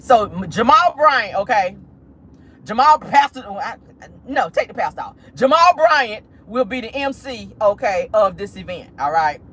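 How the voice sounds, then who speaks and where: A woman's voice: on the high side, a bit bright. A sassy woman dishes celebrity gossip while sitting in her car, her voice swinging up and down with lots of expression. She keeps calling her listeners honey and child. Faint street noise hums behind her. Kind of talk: casual gossip commentary. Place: inside a car.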